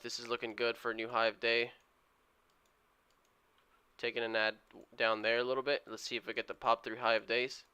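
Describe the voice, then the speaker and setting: A man's voice: mid-range voice, bright, forceful tone, clean tone. A man streaming his day trading live, giving a running play-by-play and urging the price moves on to his viewers. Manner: eager, urges price moves on.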